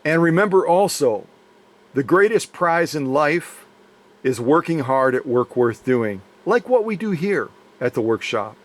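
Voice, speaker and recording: A man with a fairly high voice and big pitch swings speaks at a measured pace as he unboxes something for his sewing machine restoration channel. The chat to camera is casual, rambling, and jokey, recorded in his home workshop.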